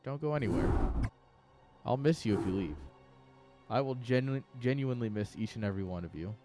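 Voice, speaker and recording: Male game caster, casual and excitable, middling pitch, faint music under him. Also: fairly quick. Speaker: esports caster. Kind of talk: live game commentary.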